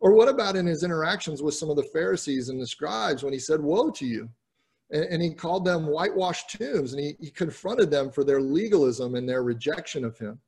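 A man's voice: on the high side, lively intonation, brisk, hardly any pauses, a little mellow, husky. A man giving an earnest, explanatory Bible teaching in sermon style, often repeating words as he restarts sentences. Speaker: pastor teaching scripture.

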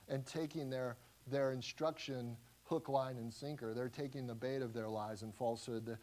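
A man delivering an expository sermon as a pastor, teaching verse by verse in a conversational, animated way with frequent restarts. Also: mid-range voice.

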